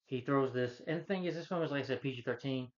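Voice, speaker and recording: A man's voice: medium pitch, quick pace. A man rants casually through a film review, rambling as he retells scenes and acts out the characters' lines. His voice sits in a middle range. The recording sounds slightly dull and lo-fi. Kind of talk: casual spoken movie rant.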